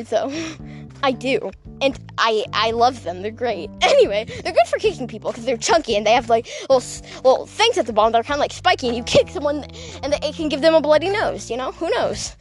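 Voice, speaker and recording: A high-pitched young woman talking casually on her podcast. She rambles and giggles through her stories, often poking fun at herself. Faint music plays behind her. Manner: giggly, rambling, self-mocking. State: voice cracking, dehydrated. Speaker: podcast host.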